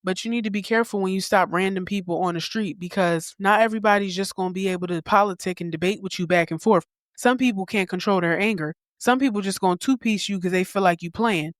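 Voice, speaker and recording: A woman podcast host speaks in at a middle pitch, blunt and candid with casual swearing. The sound is dry and close, with no room echo. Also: fast. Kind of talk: opinionated commentary.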